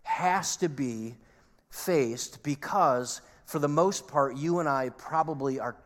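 A man preaching a sermon to a congregation, earnest, with emphatic peaks and quiet asides. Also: fairly high pitch, slow. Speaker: pastor. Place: church sanctuary. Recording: long reverb of a large hall.

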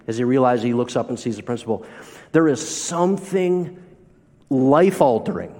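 A man's voice: mid-range voice, warm tone. A man preaching a sermon as a pastor, telling stories and asking the listeners rhetorical questions. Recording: long reverb of a large hall.

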